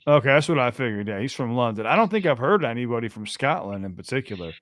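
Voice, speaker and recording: A man's voice: mid-range voice, sing-song, fast, a bit bright, slight background noise. An American man co-hosting a casual podcast chat with a caller, easygoing and talkative, with plenty of fillers and restarts. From United States. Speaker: podcast co-host.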